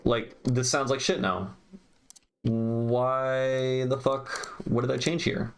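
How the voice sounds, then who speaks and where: A man's voice: medium pitch, level tone, takes it slowly. A young man who produces music, talking to himself in exasperated, swearing mutters while he works on a mix. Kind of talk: frustrated self-talk while mixing. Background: keyboard clicks and typing.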